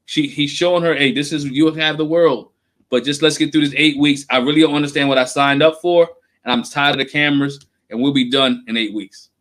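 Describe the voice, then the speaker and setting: A man's voice: fairly high pitch, fairly even intonation, a little fast, a bit bright. A man co-hosting a podcast, recounting a reality-show scene in a conversational way. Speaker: podcast co-host. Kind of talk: casual reality-show commentary.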